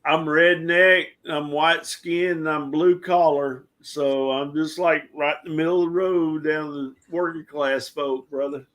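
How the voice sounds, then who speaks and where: A man with a Southern drawl and a fairly high voice talks easygoing on a podcast. He is folksy and friendly, with a slang-heavy manner. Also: fairly even intonation, measured pace, few pauses, a bit bright. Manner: folksy, calls people dude and brother. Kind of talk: casual podcast chat.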